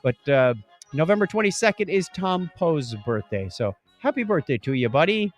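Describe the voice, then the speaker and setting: Animated high-voiced man co-hosting a podcast. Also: normal speed, soft background music. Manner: jokey, laughs at his own slips. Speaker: podcast co-host. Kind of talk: casual chat reading history notes.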